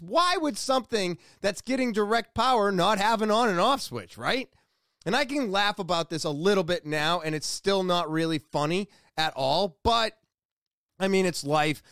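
A man's voice: high voice, a bit bright, dry recording, clean studio sound. A man telling a rambling, exasperated story about a bad day at his shop, owning up to his own mistakes. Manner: exasperated, rambling, self-deprecating. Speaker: shop worker. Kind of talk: casual storytelling vlog.

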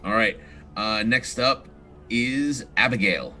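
A man's voice: medium pitch, takes it slowly, sharp tone. A man narrating as game master of a tabletop game, explaining rules in an easygoing way with plenty of fillers.

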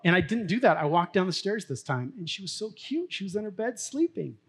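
A man's voice: high voice, very animated, brisk, husky. A middle-aged man, a pastor, preaching a sermon in a casual, story-telling way and laughing now and then. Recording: long hall reverb.

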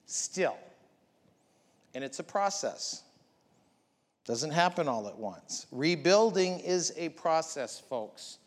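A man's voice: fairly high pitch, animated, slow pace, pauses often. A man preaching a sermon as pastor, building up with emphatic repeated lines. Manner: preaching with rising, emphatic repetition. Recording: long hall reverb.

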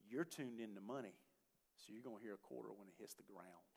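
A man voicing a calm, wise man who patiently explains what he hears, in a quiet voice with long hall reverb. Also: fairly low pitch, fast talker, vocal fry, slightly rough, voice pushed down.

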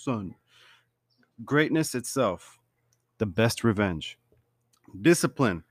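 Man, casual show recap, animated, laughs a lot, dry close sound. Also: mid-range voice, slow, long pauses, dry recording. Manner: animated, laughs often, acts out quotes. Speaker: TV show reviewer. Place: at home.

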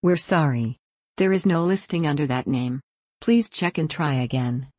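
A woman voicing an automated phone operator message, low, slow and mechanical. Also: darkish tone. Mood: flat.

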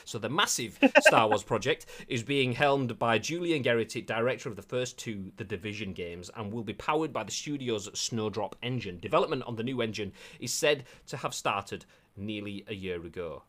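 Jokey animated British-show host man. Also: mid-range voice. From United Kingdom. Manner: jokey, rambling, reads articles aloud with asides. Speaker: host of a video game news show. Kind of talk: casual live-stream news chat.

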